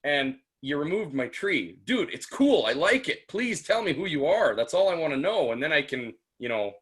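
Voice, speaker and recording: A man co-hosting a sports podcast, telling a rambling story in a lively, casual way. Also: fairly high pitch, normal speed, husky. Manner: animated, rambling anecdote with restarts. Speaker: podcast co-host.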